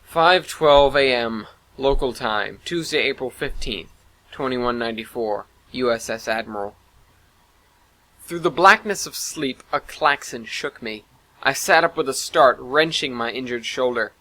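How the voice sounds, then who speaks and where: A man's voice: medium pitch, animated, unhurried, bright, forceful tone, low-quality recording. A man narrating a first-person science fiction style story, dramatic in delivery.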